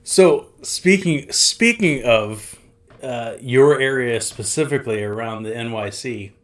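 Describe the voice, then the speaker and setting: Rambling podcast host, middle pitch. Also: male voice, unhurried, fairly bright tone. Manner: rambling, frequent restarts and laughter. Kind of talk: casual chat.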